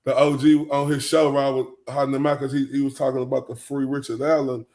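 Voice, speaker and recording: A man's voice: medium pitch, flat delivery, fast, a little mellow. A man hosting a casual livestream, rambling in loose slang and often breaking into laughter. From Texas. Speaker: livestream show host.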